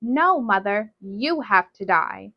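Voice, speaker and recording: A woman's voice: mid-range voice, expressive, takes it slowly. A woman voicing a desperate defiant young woman. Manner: pleading and defiant, raised voice. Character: desperate young woman defying her mother. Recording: dull lo-fi dry sound.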